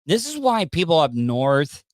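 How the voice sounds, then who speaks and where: A man's voice: on the high side, very animated, measured pace, no echo. Male podcast host, wisecracking and mocking, dry room. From Southern US. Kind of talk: casual commentary on news clips.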